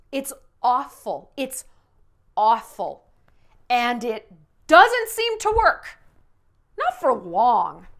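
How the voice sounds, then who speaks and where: Brief: sassy thirty-something woman, slightly high voice, blunt advice to camera, theatrical quoted asides. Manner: blunt, sassy, talks straight to the viewer; acts out quoted voices with big swings in pitch and loudness. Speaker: dating advice YouTuber. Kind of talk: direct-to-camera advice talk.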